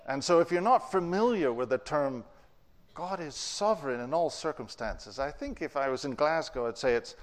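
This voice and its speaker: A man preaching a sermon, telling stories with wide swings in pitch and loudness. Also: expressive, moderate pace. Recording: long reverb of a large hall.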